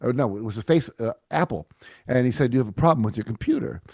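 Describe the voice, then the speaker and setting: Middle-aged male guest, lively storyteller, dry close sound. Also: medium pitch, fast talker, creaky, breathy edge, dry recording. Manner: animated storyteller, acts out quotes. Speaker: podcast guest. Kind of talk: casual interview chat.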